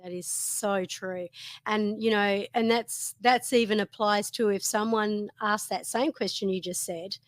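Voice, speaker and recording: A woman's voice: medium pitch, steady tone, measured pace, no echo. A woman, a regular guest co-host in a casual podcast chat, agreeable and teasing.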